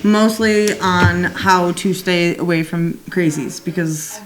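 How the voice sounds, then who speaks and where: A woman's voice: on the low side, slow, crowd noise. A woman co-hosting a podcast in casual chat, teasing and laughing with her co-host.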